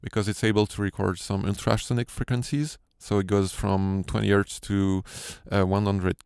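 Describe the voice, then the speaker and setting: A man's voice: fairly low pitch, level tone, normal speed, gravelly, a little mellow, clean tone, no echo. A man with a French accent, a sound designer giving a hesitant, filler-heavy tutorial walkthrough from his home studio. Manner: hesitant, many fillers and restarts.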